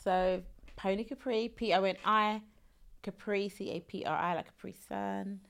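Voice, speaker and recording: A woman's voice: medium pitch, steady tone, moderate pace, vocal fry, a bit bright. Frank, easygoing woman podcast guest. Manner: laughs often, frank and easygoing. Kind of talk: casual chat.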